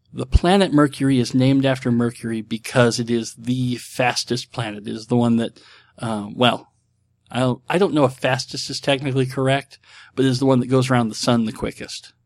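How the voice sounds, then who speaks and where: A middle-aged man with a mid-range voice and vocal fry hosts casually, answering viewer questions with no echo. He is rambling and reflective, often restarting and using filler words.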